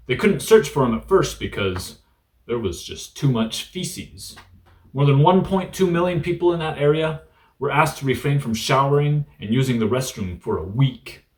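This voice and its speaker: Mellow and mid-range, this man's voice carries a relaxed Japanese vocabulary lesson built around the news. He jokes irreverently and leans on plenty of fillers.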